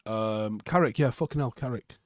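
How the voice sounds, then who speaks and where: A man's voice: medium pitch, moderate pace, a little mellow, no echo, studio quality. Blunt, sweary man. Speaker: football reaction streamer. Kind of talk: live post-match chat reading viewer comments.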